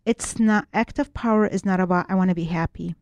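Interviewed as a guest, a woman who writes and leads spiritual workshops talks a little fast in a low, darkish voice with no echo. She lays out her teachings earnestly, often backing up to rephrase.

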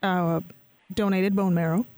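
High-voiced exclaiming male host. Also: flat delivery, unhurried, a little mellow, no room sound. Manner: reactive, exclaiming interviewer. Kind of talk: podcast interviewing.

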